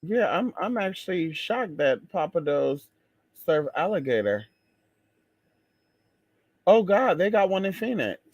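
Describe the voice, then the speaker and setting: A man with a drawl talks casually and sassily to his viewers, with plenty of exclamations. His pitch sits a little high and leaps around a lot. The recording is dry and close. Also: measured pace, pauses often, husky, no echo. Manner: sassy, expressive, exclaims and drawls. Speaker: vlogger.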